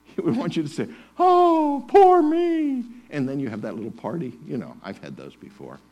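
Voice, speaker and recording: A male pastor preaching a sermon in a church, passionate and rising to loud, emphatic bursts on scripture. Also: lowish voice, huge pitch swings, fast talker, husky, dull audio.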